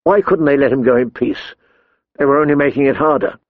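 A man narrating an audiobook in a steady, measured way. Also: medium pitch, dry recording, narrow, tinny audio. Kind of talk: scripted narration.

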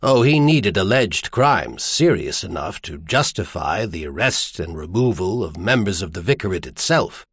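A man voicing a grave middle-aged earl in an audiobook, speaking gently, measured and somber. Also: low-pitched, big pitch swings, breathy edge, dry recording, clean studio sound, voice pushed down, full character voice. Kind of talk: audiobook character voice.

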